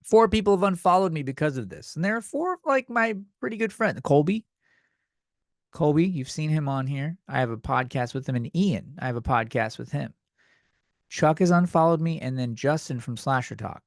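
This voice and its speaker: A man with a slightly high voice vents on his comedy podcast. He swears often and sounds exasperated, with a pitch that swings widely. The sound is close and dry, with no room echo. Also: lively intonation, moderate pace. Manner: profane, exasperated ranting. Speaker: podcast host.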